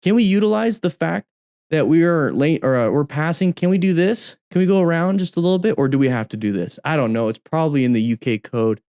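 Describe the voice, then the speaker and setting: A motorcycle riding instructor comments chattily over road videos, repeating phrases for emphasis. His voice is on the high side and brisk, with a darkish, clean tone.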